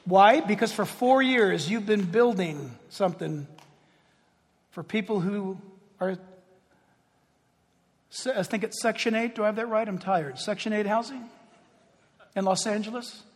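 High-voiced, husky preaching man. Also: a little slow, long pauses. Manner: animated, peppered with rhetorical questions to the congregation. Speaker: pastor. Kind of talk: sermon. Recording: long reverb of a large hall.

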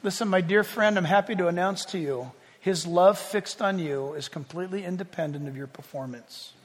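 A man preaching as a pastor, animated, moving from hushed tones to loud calls. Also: high voice, moderate pace. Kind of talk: sermon. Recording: long reverb of a large hall.

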